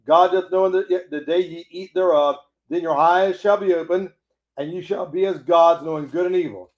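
A man's voice: high voice, fairly even intonation, normal speed, muffled recording. Folksy man teaching the Bible. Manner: preachy, folksy, acts out quoted dialogue. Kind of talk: Bible study sermon.

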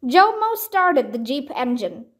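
A woman reading a children's storybook aloud clearly and deliberately. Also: high voice, sing-song. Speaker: storybook reader. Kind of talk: children's book read-aloud.

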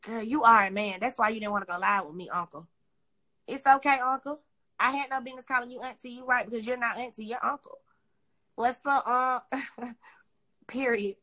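A woman's voice: on the high side, steady tone, moderate pace, pauses often, bright, forceful tone. A woman hosting a phone livestream, talking casually in a brash, profane, mocking way. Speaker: Instagram live host.

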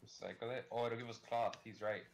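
A man playing a survival game with a teammate over voice chat, brisk and practical, giving quick warnings. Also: medium pitch, steady tone, vocal fry. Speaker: gaming teammate. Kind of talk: casual gaming chat over voice call.

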